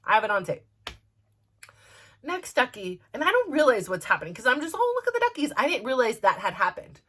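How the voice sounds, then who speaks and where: A woman's voice: fairly high pitch, a little fast, breathy edge. A middle-aged woman, telling a story casually and acting out voices as a podcast host. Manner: animated, acts out voices, many fillers.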